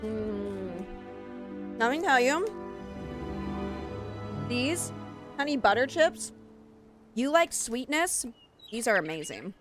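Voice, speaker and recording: Girl gamer chatting away on stream, kinda high voice, headset mic, soft game music behind. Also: takes it slowly, pauses often. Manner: chatty, excitable, talks to chat and her game. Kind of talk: casual live-stream chat while gaming.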